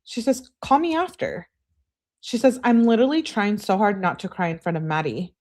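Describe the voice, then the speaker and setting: A woman's voice: medium pitch, big pitch swings, moderate pace, a little mellow. A woman hosting a live stream, reading text messages aloud and greeting her viewers between them. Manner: reads texts with "she says" tags, chats with viewers. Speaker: livestream host reading case texts.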